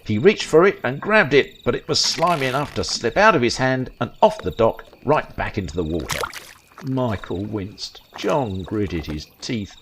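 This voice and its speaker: A man narrating a dark comic story in a wry, dramatic storytelling manner. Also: mid-range voice, big pitch swings, normal speed, noisy background. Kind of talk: scripted horror-comedy story narration.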